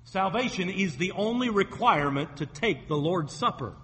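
A man's voice: high-pitched, lively intonation, normal speed, a bit bright, long reverb tail. A man preaching a sermon as a pastor, retelling scripture stories vividly and acting out the quoted voices.

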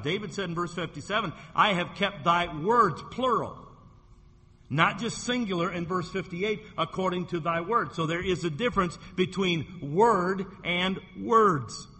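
A male pastor preaches with emphatic weight, drawing out key phrases. His voice is bright and strained, a little husky as he is losing it, and it rings in a long church reverb. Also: on the high side. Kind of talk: sermon. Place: church sanctuary.

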